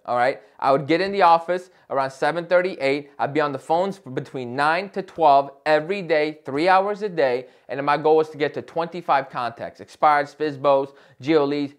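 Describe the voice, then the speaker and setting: Young man, fairly high voice, emphatic and loud, advice vlog to camera, keeps saying "right?". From Chicago area. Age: young adult. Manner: passionate, emphatic, talks loudly with frequent "right?". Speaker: real estate agent and vlogger.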